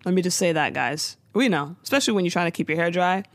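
A woman co-hosting a podcast, recapping a TV episode in casual, jokey chat with quick asides. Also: fairly low pitch, expressive, dry recording.

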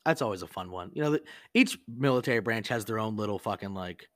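A man's voice: lowish voice, expressive, fast talker, no echo, studio quality. A man hosting a podcast, telling rambling service stories in a casual, profane way and laughing often. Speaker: podcast host. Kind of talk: casual storytelling chat.

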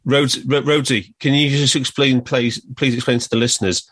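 A man hosting a sports podcast in casual chat, jokey and quick to laugh. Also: mid-range voice, fairly even intonation, fairly bright tone. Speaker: podcast host.

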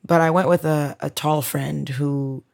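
A woman from the United States, a guest on a comedy podcast, talking in a relaxed, playful way. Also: low voice, unhurried, creaky. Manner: relaxed, playful, laughing asides. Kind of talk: casual comedic chat.

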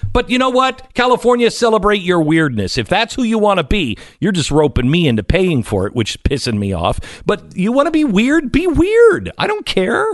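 Animated man hosting talk radio. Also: sits high, moderate pace, few pauses, no room sound, clean studio sound. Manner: animated, mocking impressions, swings from loud to quiet. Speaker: radio show host. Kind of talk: political talk radio chat.

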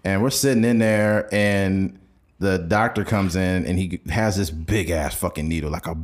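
A man with a low voice, chatting casually as a podcast host. He tells stories in an easygoing way, peppered with swearing. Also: moderate pace. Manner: relaxed, profane storytelling. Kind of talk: casual chat.

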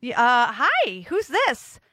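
A woman's voice: high voice, huge pitch swings, takes it slowly, pushed and bright, no room sound, studio quality. A woman hosting a radio call-in show, chatting in a bubbly, rambling way and laughing often. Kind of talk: casual call-in chat.

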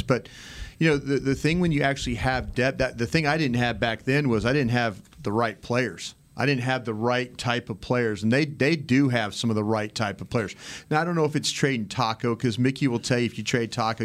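A male host talks sports in a loose, casual way, with a mid-range voice. He often restarts his sentences and drives hard on his points. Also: mid-range voice. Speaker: sports radio host, former team executive.

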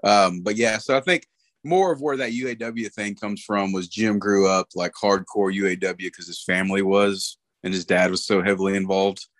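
A man's voice: low voice, fairly even intonation, normal speed, a bit bright, dry recording. A middle-aged man talking casually about a late friend, rambling with lots of fillers. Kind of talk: casual conversation.

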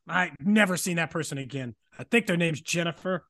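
Lively high-voiced man, laughing co-host. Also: brisk. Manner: laughing, self-deprecating, lively. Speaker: departing podcast co-host. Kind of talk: casual banter.

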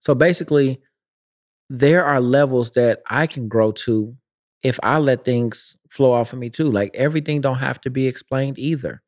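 A man co-hosting a podcast, speaking slowly and softly and thinking things through, close to the microphone. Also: medium pitch. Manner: slow, soft-spoken, reflective, close to the mic. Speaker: podcast co-host. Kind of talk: casual podcast chat. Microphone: close to the mic.

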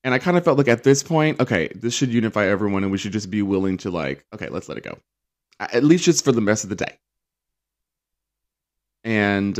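A man hosting a casual reality TV recap, chatty and sarcastic, acting out quotes in mocking voices. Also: fairly low pitch.

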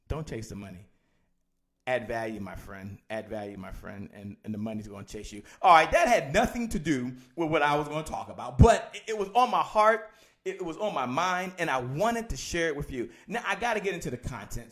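A man hosting a live motivational sales talk who greets listeners by name. He talks with high energy, repeats key lines, and swings between loud emphasis and low, hushed delivery. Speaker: podcast host and business coach.

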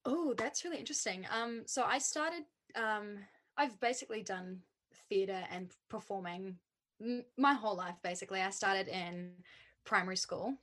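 A woman's voice: mid-range voice, moderate pace, fairly bright tone. A young woman with a New Zealand accent, a musical theatre performer chatting as an interview guest, filling her talk with likes and ums. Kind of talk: casual interview chat.

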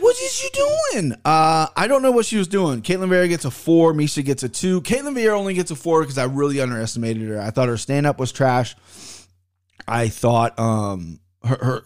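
Man, young adult, podcast host, casual storytelling, profane, animated, mid-pitched voice. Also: fairly quick, clear, resonant tone. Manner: profane, animated storytelling with sudden loud outbursts.

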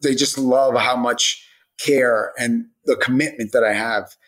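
Talking about his own hot sauce as a podcast guest, this founder speaks in a mid-range voice with fairly even intonation, a measured pace and a slightly bright tone. The casual interview rambles, thick with "like" and "you know." The recording is low-quality.

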